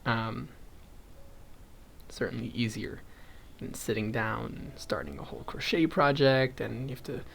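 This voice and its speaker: Speaking a little slowly in a mid-range, slightly bright voice with vocal fry, a young vlogger crochets and chats casually. He rambles onto tangents, counts stitches out loud and chuckles often, with a little hiss or hum present.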